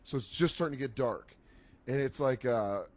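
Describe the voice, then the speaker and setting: A man's voice: mid-range voice, moderate pace, no echo. A young man telling crude stories in a casual, laughing chat.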